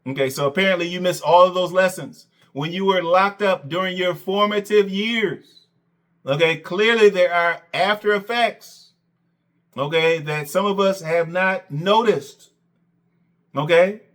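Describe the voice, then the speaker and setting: A man's voice: high voice, unhurried, fairly bright tone. A man hosting a reaction commentary, sarcastic and mocking, who keeps repeating "okay" and "Coach.". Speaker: commentary channel host.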